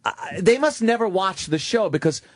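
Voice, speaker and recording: Man with a fairly high voice, dry studio sound; casual talk-radio riffer who slips into quick impressions. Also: animated, no echo. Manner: conversational, mimics cops and suspects with quick voice shifts. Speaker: radio show co-host or guest.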